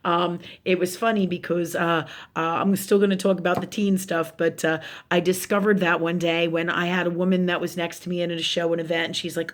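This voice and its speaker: A woman's voice: fairly low pitch, a little fast, hardly any pauses. A woman hosting a live spiritual talk, telling stories to her viewers with frequent fillers, restarts and casual swearing. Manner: animated storytelling, swears freely, many fillers and restarts.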